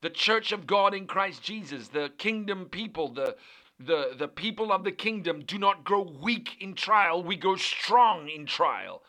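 A man's voice: high-pitched, animated, unhurried, pushed and bright. A man preaching a sermon with fervent, repetitive rhythmic cadence, building lists phrase by phrase.

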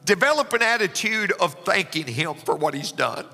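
A man's voice: high voice, expressive, normal speed, creaky, hardly any pauses, pushed and bright. A man preaching a sermon, emotional and building to fervent exclamations. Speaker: pastor. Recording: long hall reverb with faint music.

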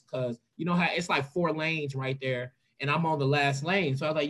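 A blunt, slangy woman tells a story in casual conversation. She acts out each quote with big leaps in her voice, jumping high for her own lines and dropping low for the other person's. She swears freely. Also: a little fast, hardly any pauses. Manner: animated, acts out quotes with big pitch swings.

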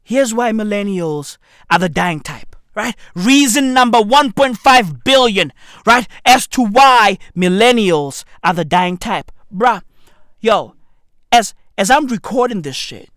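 A man in his thirties delivering a brash, profane comedic rant to camera, with bursts of shouting. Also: high voice, dry recording, studio quality. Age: 30s. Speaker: vlogger.

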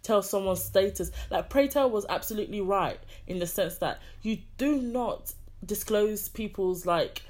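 A woman in casual chat, animated and exasperated, swearing freely. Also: mid-range voice, moderate pace, few pauses.

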